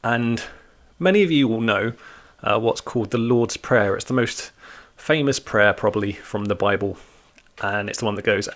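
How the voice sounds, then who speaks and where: A man giving a relaxed, joking church talk to young people, teaching like a friendly youth leader. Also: fairly low pitch, moderate pace.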